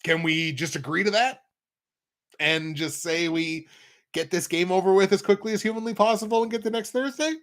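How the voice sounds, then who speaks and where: A man's voice: high voice, moderate pace, fairly bright tone. A young man hosting a football picks show in a casual, rambling way, with wry asides and self-corrections. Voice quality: nasal when pinching nose. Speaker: sports picks show host. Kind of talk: casual football betting talk.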